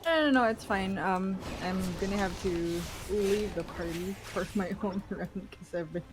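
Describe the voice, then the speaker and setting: A woman joining a stream over voice chat, talking in a drowsy, soft way. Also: mid-range voice, moderate pace, noisy background. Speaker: stream guest player. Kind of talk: casual voice chat.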